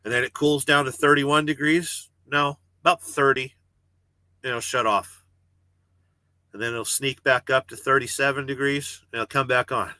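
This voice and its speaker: A man's voice: mid-range voice, steady tone, normal speed, pushed and bright, no echo. A man who drives a truck hosts a casual livestream from his parked cab, reading viewer comments aloud, rambling, joking and swearing freely. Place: parked truck cab with refrigerated trailer running.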